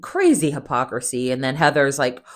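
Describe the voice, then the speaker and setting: A woman hosting a casual recap, chatty and sarcastic, jumping into high voices when she acts out quotes. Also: very animated, normal speed. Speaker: recap host.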